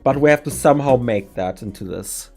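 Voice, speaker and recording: A giggly German-native man hosting a stream as game master, rambling through ideas in quick bursts. His pitch sits mid-range, with faint music behind him. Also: animated, a little mellow. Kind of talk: casual stream chat, planning a campaign.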